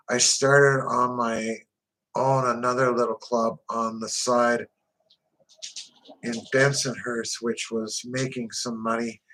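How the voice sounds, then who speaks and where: A man's voice: mid-range voice, fairly bright tone, low-quality recording. A man narrating a first-person crime memoir in a blunt, profane, tough-guy way.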